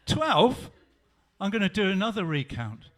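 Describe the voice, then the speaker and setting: A man's voice: high-pitched, measured pace, fairly bright tone. A man preaching, voicing a doubting, insistent disciple. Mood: baffled. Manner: insistent, exasperated. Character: doubting disciple Tom, stubborn grown man.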